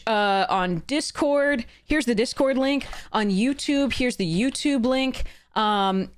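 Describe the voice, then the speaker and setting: A bubbly woman streamer chats casually to her viewers, giggling often. Her pitch sits in an ordinary middle range, and she rambles through fillers and restarts in a loose, excited way. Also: clean tone. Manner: bubbly and giggly, with frequent laughter. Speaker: streamer and content creator. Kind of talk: casual live-stream chat.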